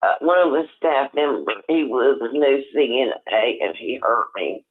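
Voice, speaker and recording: An older man calling in on the phone, talking in a rambling, halting way with many restarts. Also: medium pitch, expressive. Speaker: caller. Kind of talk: casual phone chat. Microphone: telephone. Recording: tinny phone line.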